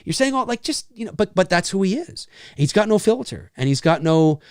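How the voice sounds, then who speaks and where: A man's voice: high voice, a little fast, smooth, no room sound. A man hosting a podcast, ranting in a casual chat with lots of restarts. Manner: animated, ranting, many restarts. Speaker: podcast host.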